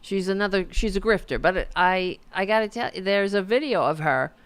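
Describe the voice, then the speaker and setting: A woman's voice: mid-range voice, moderate pace, clean tone, dry recording. A woman hosting a podcast, giving casual political commentary in a sarcastic, mocking way and swearing freely. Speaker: podcast host.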